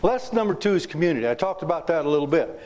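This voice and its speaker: A man's voice: fairly high pitch, lively intonation, racing, a little mellow. A man in his seventies from Kansas, giving a folksy, joking talk to a club and quizzing the audience. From south central Kansas, USA. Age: 70s. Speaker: guest speaker. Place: club meeting room.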